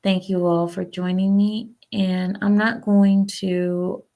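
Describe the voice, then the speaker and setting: Female streamer host, rambling and outspoken, gravelly edge. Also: medium pitch, level tone, slow, mellow. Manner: chatty, rambling, opinionated, talks back to chat. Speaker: livestream host. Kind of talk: casual political chat with viewers.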